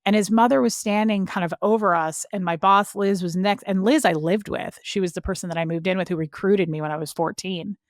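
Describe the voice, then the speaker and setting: A woman recounts a painful memory in a plain, mid-pitched voice, talking casually with many "like" fillers. She sounds earnest and emotional. Her voice is recorded dry and close. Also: steady tone, fairly quick, few pauses, no echo. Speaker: podcast guest. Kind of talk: personal storytelling.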